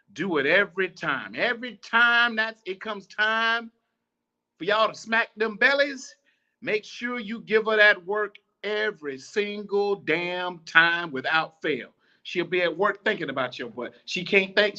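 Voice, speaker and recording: A man hosts a podcast and delivers blunt, profane advice in a preachy, repetitive monologue. His voice is fairly high and bright, and his pitch swings a lot. The recording sounds somewhat dull and lo-fi. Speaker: podcast host.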